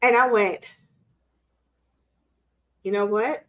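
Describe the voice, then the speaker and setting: A middle-aged woman co-hosting a casual live-stream chat, telling an animated story and acting out quotes in squeaky voices. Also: slow, long pauses. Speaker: co-host.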